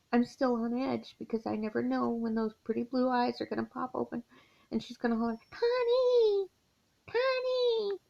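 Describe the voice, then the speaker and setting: A woman's voice: on the high side, gravelly, darkish tone. A middle-aged woman vlogging from her mother's house, speaking in a weary, heartfelt way and sighing as she confides. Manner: weary, heartfelt, slow confiding talk with sighs. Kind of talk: personal confessional vlog. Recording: dull lo-fi home recording.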